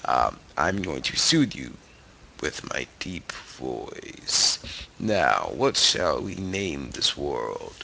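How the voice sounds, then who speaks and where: A man voicing a grandiose, self-styled dark noble ruler in a slow, low, mock-solemn voice. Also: big pitch swings, gravelly, slightly rough, exaggerated voice.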